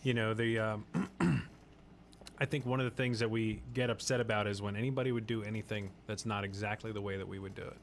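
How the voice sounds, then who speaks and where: A man's voice: lowish voice, steady tone, a little fast, a little hiss or hum. A man hosting a faith-based podcast discussion, talking in an earnest, preachy way and repeating phrases for emphasis. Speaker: podcast host.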